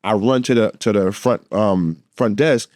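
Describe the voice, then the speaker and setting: A man co-hosting a podcast, telling a story in a lively, laughing way and acting out the voices in it. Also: on the low side, unhurried, dry recording, clean studio sound. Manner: animated, laughing, acts out voices in his story. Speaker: podcast co-host. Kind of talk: casual storytelling chat.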